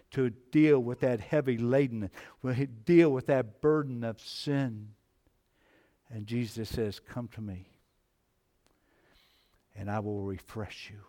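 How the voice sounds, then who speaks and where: A man preaching a sermon, moving between hushed, low passages and loud, emphatic climbs. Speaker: pastor.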